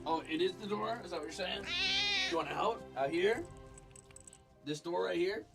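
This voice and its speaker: A man's voice: sits high, normal speed, creaky, over loud music. A man streaming from a room at home, chatting casually while he draws, swearing freely and teasing his cat in coaxing baby-talk. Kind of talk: casual live-stream chat while drawing.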